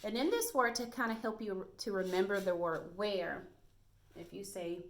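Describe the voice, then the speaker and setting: Woman teaching young kids to read. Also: medium pitch. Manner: slow, encouraging, clearly sounded words for small children. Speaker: first grade teacher. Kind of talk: recorded reading lesson for young children.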